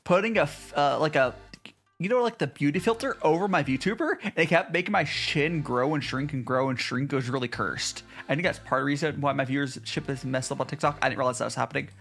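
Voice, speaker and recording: A man's voice: medium pitch, moderate pace, gravelly, fairly bright tone, faint music behind. A man streaming casually from home in Japan, chatting with viewers and answering their messages, with frequent restarts. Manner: chatty, reads and answers chat, many restarts. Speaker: VTuber streamer. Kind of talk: casual live-stream chat.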